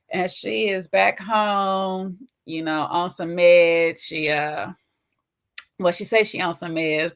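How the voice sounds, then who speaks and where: A woman with a Southern US twang hosting a casual, slangy recap of a reality TV show, chatty and quick to laugh. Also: lowish voice, a bit bright. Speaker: host.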